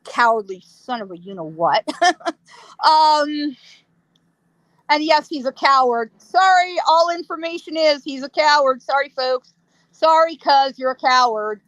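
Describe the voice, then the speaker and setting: A woman, a psychic guest, telling a ghost story in a lively way, laughing often and acting out sounds. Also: sits high, unhurried, no echo, rough recording.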